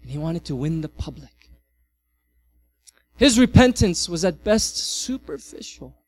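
A male pastor in middle age preaching a sermon with a notably high voice. He talks in an animated way, rising to loud emphasis and then dropping almost to a murmur. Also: unhurried. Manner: animated, varies loudness widely.

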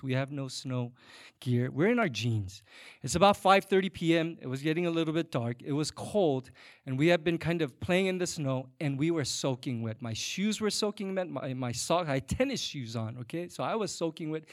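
Man, pastor, sermon, high-pitched, dry close recording, animated storytelling. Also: no echo. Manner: animated storytelling, swinging loud and soft, passive-aggressive humor.

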